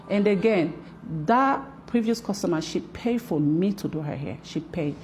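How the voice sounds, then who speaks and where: A woman's voice: fairly low pitch, warm tone, slight background noise. A woman who owns a hair braiding shop, talking through her side of a dispute in a video monologue with repetitive, emphatic, sometimes heated phrasing.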